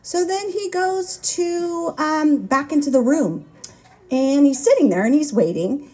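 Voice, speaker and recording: A woman's voice: high voice, animated, unhurried, darkish tone. A woman telling a funny story about her late husband at his memorial, chatty and laughing as she goes. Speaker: wife giving a eulogy. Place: memorial gathering.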